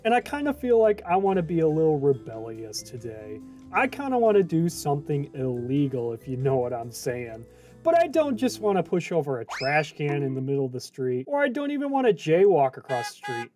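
A young man casually commenting on a video game as a channel host. He is chatty and jokey, and he swings from loud bursts to mumbling. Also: on the high side. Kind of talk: casual let's play commentary.

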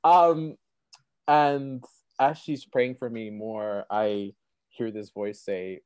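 A young man telling his own faith story as an interview guest, animated and full of "like" fillers. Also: lowish voice, slow pace, smooth, no room sound. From Sydney, Australia. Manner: animated, many "like" fillers, laughs often. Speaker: guest, Christian apologist. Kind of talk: personal testimony storytelling.

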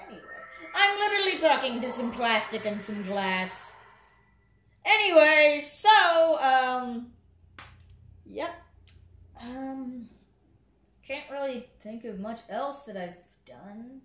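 A woman's voice: high-pitched, lively intonation, takes it slowly, pauses often, a bit bright, slight background noise. A woman casually commentating her gameplay at home, rambling and chatting with the game as she plays. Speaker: gaming channel host. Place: home room. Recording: echoey room with game music. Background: game music.

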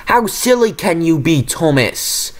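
A man puts on a cheeky, boastful tank engine from a storybook, with a shrill voice pitched high and a teasing edge. He speaks with lively swings in pitch. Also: a little slow. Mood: mocking. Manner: shrill and mocking.

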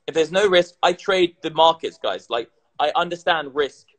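A man chatting casually on a livestream, tipsy and animated, swearing and repeating himself as he talks. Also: a little high, normal speed, rough recording. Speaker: crypto content creator.

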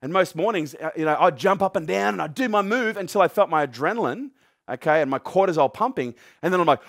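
A middle-aged man gives a punchy motivational talk to a live crowd. His voice sits a little high, and he swears for emphasis and fires questions at the room. The sound is dry and close, with almost no room echo. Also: expressive, fast, creaky, a bit bright. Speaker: motivational speaker.

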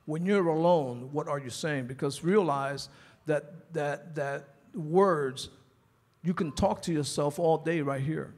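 Husky New pastor preaching. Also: male voice, fairly high pitch, slow pace, a little mellow. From New York. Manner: repetitive rhetorical questions, conversational preaching. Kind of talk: sermon.

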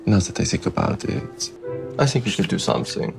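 An actor playing a smug young photographer who talks with a put-on French accent, suave and dismissive, with music playing underneath. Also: male voice, sits low, expressive, brisk, vocal fry, full character voice. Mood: smooth.

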